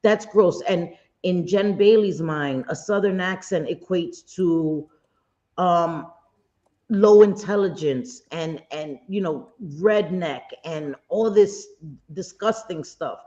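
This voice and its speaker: A woman's voice: lowish voice, slow pace, warm tone. A woman hosting a livestream, chatting in a blunt, indignant way with occasional swearing. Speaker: livestream host. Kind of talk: casual gossip commentary. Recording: dull lo-fi stream audio.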